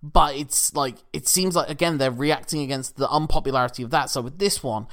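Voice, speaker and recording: A man's voice: on the high side, fairly quick, fairly bright tone. A man co-hosting a casual film podcast, rambling and analytical with frequent restarts. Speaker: podcast co-host.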